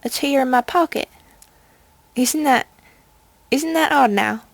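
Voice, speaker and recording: A woman voicing a possessive old female pony with a high, quavery old voice. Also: measured pace, no room sound. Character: old female pony, fond of her ring, turning possessive.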